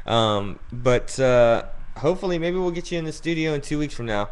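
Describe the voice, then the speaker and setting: A man's voice: medium pitch, expressive, normal speed, smooth. A man hosting a casual talk show, laid-back and swearing freely. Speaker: host. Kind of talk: casual chat.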